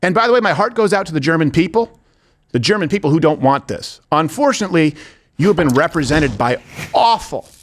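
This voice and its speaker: Man, commentary show host, emphatic, sarcastic, repeats points, slightly high voice. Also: expressive, fairly quick. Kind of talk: political commentary.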